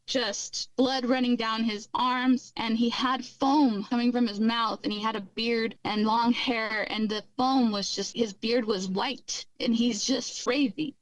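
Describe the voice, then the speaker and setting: A woman's voice: fairly high pitch, no room sound, lo-fi sound. Earnest woman, close and dry. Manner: earnest and candid, recounting events in detail. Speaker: guest recounting her life. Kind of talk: personal testimony interview.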